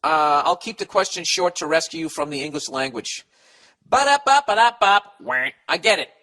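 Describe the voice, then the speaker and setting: This comedy podcast host's voice sits a little high and sounds pushed and bright, with a brisk delivery. He fumbles while reading listener letters aloud and answers them with a casual, profane, rambling rant of blunt advice.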